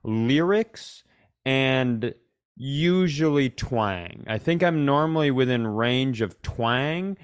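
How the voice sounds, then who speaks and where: A man's voice: mid-range voice, lively intonation, slow, clear, resonant tone. A man co-hosting a casual comedy podcast, joking around and sometimes breaking into an exaggerated twangy sing-along. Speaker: podcast co-host.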